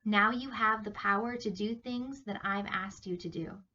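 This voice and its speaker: Woman reading as a gentle, solemn storybook Jesus. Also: mid-range voice, normal speed, dull audio.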